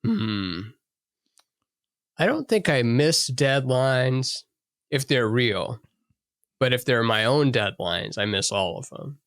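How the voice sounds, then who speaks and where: A man's voice: mid-range voice, expressive, slow, long pauses, a bit bright, dry recording. A man co-hosting a casual podcast, answering with dry, wry humor. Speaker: podcast co-host.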